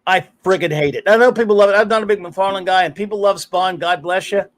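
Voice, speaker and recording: Hosting a laid-back live stream, a middle-aged podcast host wanders through long anecdotes in a fast, steady voice pitched high for a man. Between stories he swears freely and laughs a lot.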